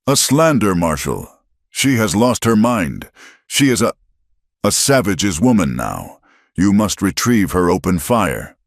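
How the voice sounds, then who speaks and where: A shrill, hysterical frontier villain, as a male narrator puts him on, jumping far above his usual low register with a lively, swinging pitch. He shrieks accusations and demands in a dry, close storybook reading. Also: a little slow, creaky, no room sound, heavily acted. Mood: shrieking.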